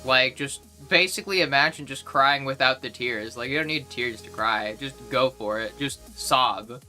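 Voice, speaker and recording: Young woman streamer, casual live chat, rambling with constant fillers; bright, crisp tone, faint music under her. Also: a bass voice, moderate pace.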